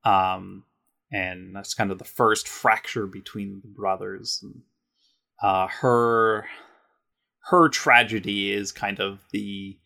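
Bright-voiced man chatting, full of fillers. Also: fairly low pitch, steady tone, slow pace, creaky. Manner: laughs often, with playful jokey asides; rambling, with many fillers and restarts. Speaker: podcast co-host. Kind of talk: casual lore chat.

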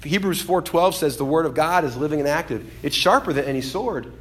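Animated male preacher, voice rising and falling. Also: a little high, brisk. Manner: animated, acts out quoted voices, swings from loud to hushed. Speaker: pastor. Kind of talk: sermon.

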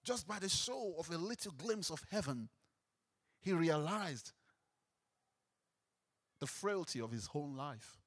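Man, preacher, sermon, high voice, animated delivery. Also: slow, long pauses. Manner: emphatic, acts out scripture with rising intensity; asks the congregation questions.

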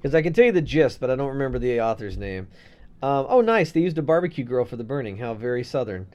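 A man's voice: medium pitch, sing-song, quick pace, darkish tone, lo-fi sound. A man co-hosting a casual podcast, reading out a news story with sarcastic, swearing asides. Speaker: podcast co-host.

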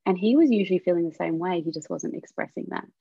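A woman guest on a podcast, a miscarriage and abortion coach, speaking openly and warmly about her own experience. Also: fairly low pitch, quick pace, gravelly, husky, no echo, dull audio. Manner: open, heartfelt, sharing personal experience. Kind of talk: candid podcast conversation.

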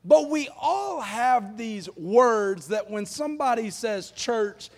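A man preaching a live sermon to a congregation, lively and joking in a casual, down-to-earth way. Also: very high-pitched, takes it slowly. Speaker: pastor. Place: church auditorium. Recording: long reverb of a large hall.

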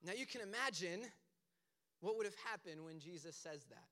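A male pastor preaching in an easygoing, storytelling way, full of casual asides. His voice sits high and sounds clean and clear. It has a bright, forward edge. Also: expressive, normal speed. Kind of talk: casual conversational sermon.

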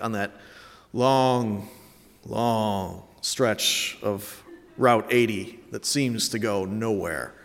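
A man in his late thirties from Connecticut preaching an Easter sermon, telling a story with reflective warmth and dry self-mocking humor. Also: mid-range voice, in a large hall. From Connecticut, USA. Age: late 30s. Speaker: pastor.

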